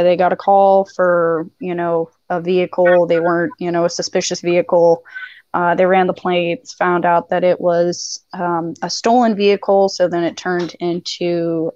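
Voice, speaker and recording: A woman's voice: fairly low pitch, darkish tone, no room sound. A woman recounting a court case in a casual voice chat, hesitant and full of fillers. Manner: hesitant storyteller, many fillers. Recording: dull, dry mic sound.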